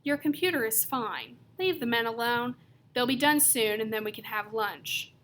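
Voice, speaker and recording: A woman reading the part of a gentle young mother in an audiobook, speaking in a soothing, patient way. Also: a little high, normal speed, natural voice.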